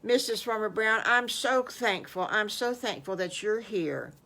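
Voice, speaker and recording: A woman's voice: medium pitch, a little slow, pushed and bright, pitched above the performer's own voice. An older woman voicing a polite, grateful young male wolf pup. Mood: earnest. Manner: polite, earnest.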